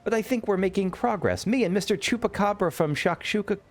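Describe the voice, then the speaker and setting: A man's voice: high voice, a little fast, pitched above the performer's own voice. A man reading as a perky young sleuth woman. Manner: chirpy, chatty game dialogue reading. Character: perky young woman, cheerful detective's assistant.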